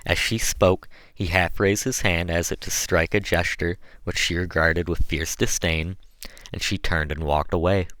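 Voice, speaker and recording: Male audiobook narrator, deep, measured, dry close recording. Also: fairly even intonation, a bit bright, no echo.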